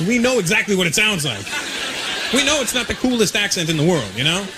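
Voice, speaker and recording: A man with a high, lively voice works a stand-up set on stage, chatting to the crowd in an animated way. He keeps slipping into mock voices between the bits. The live recording has a lot of noise underneath. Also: fast talker. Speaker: stand-up comedian. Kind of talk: stand-up comedy routine. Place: comedy stage before a live audience.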